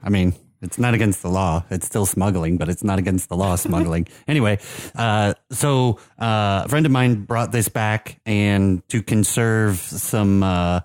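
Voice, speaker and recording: A man's voice: lowish voice, measured pace, hardly any pauses, a little mellow, no room sound, clean studio sound. A man co-hosting a casual beer and soccer podcast, explaining things in a rambling, hesitant way with many fillers. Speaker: podcast co-host.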